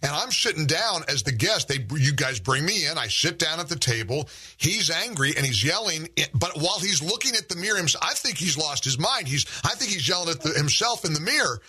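Bright-voiced rambling talk show host. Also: male voice, on the high side, very animated, fairly quick, slightly rough. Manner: rambling, frequent restarts and stammers. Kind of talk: conversational interview.

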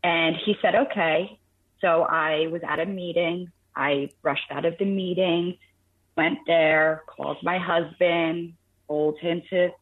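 Brief: deep-voiced woman caller, earnest and halting, heard over a thin phone line. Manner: earnest, halting storytelling with many restarts. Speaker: caller sharing a caregiving story. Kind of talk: phone-in radio conversation.

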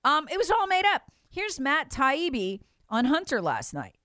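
A woman's voice: high-pitched, wildly swooping pitch, unhurried, sharp tone. A woman hosting a political talk radio show, speaking in an impassioned, emphatic and mocking way into a studio mic.

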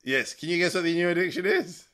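Talking fast in a high-sitting voice, a male stand-up comic tells a lengthy anecdote on a casual podcast. He's animated throughout and breaks into laughter mid-story.

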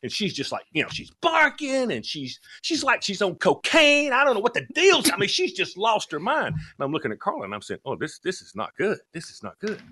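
Animated bright-voiced man telling a story. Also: high-pitched, a little fast, hardly any pauses, slightly rough. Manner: lively, laughing, acts out voices in his story.

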